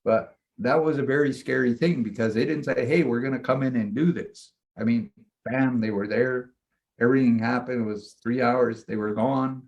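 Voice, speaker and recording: A man, a shaman and mentor, casually telling a long personal story in a rambling, animated way, often acting out what he said. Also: medium pitch, moderate pace, muffled recording. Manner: rambling, animated retelling with frequent "I'm like".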